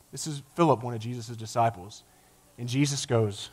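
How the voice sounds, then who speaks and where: A man preaching a sermon with passion, rising to loud emphatic peaks and dropping to a low, quiet voice, sometimes acting out quoted lines. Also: moderate pace, husky. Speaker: pastor.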